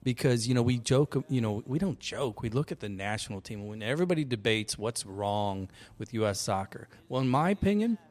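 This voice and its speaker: A man's voice: medium pitch, a little fast, hardly any pauses. Chatty male podcast host telling stories. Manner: animated storyteller, laughs often. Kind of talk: casual chat.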